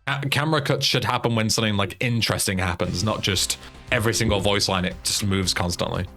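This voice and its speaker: A man with a lowish voice gives offhand commentary over a game, critiquing and thinking aloud. His talk is casual and blunt, with swearing mixed in. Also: quick pace, bright, forceful tone, faint music behind. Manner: chatty, critical, swears freely. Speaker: streamer.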